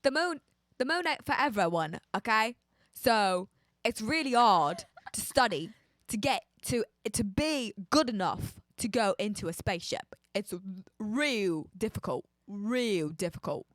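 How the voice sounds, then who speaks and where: Woman doing a streetwise Cockney astronaut, swinging pitch. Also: lively intonation, a little slow, fairly bright tone, dry recording. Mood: boastful. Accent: put-on Cockney.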